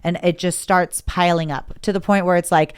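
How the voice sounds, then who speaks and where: A woman's voice: lowish voice, normal speed, clean tone. A woman in her thirties, a podcast guest, telling her story in casual chat and acting out quoted dialogue. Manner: animated, acts out quoted dialogue.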